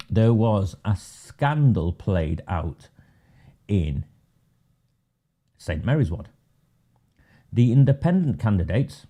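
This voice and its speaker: A man's voice: low-pitched, mellow, slightly rough. A man hosting a live webinar, delivering sarcastic, mocking commentary. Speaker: webinar host and political campaigner.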